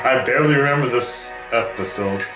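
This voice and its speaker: A man hosting a reaction video, excitable and quick to laugh and exclaim. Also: mid-range voice, echoey room, over loud music. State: out of breath. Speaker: show reaction host.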